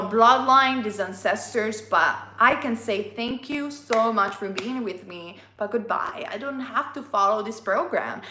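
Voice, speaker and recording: Expressive woman, reading tarot casually; sharp bright tone, roomy echo. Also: on the high side, slight background noise. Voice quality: non-native English. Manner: chatty and expressive, playful asides. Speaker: tarot reader.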